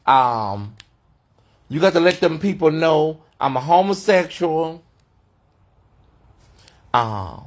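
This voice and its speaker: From a hotel room, a man with a high-sided, very animated voice hosts an unscripted livestream commentary show. He speaks slowly with long pauses, sassy and mocking, calling people honey.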